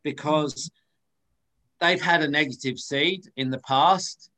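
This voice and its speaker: A man asking a long, halting question on an online call, with hesitations and restarts. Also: a little high, pushed and bright, poor audio.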